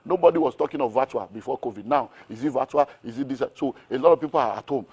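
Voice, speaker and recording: Fast-talking Nigerian man. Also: medium pitch, slightly rough. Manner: energetic, piles up rhetorical questions. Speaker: business mentor as guest. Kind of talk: animated interview talk.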